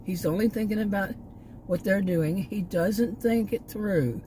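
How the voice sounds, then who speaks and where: A woman's voice: medium pitch, a little slow, warm tone, a little hiss or hum, poor audio. An older woman from Texas, talking in a rambling, casual vlog with many restarts and asides, a little short of breath. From Texas, United States. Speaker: vlogger. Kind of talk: casual personal vlog talk.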